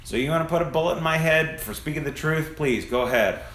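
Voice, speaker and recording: A man's voice: a little high, fast talker, a bit bright, echoey room. A man delivering an angry, profane, preachy monologue, recorded on a phone among parked cars. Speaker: vlogger. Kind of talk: ranting monologue.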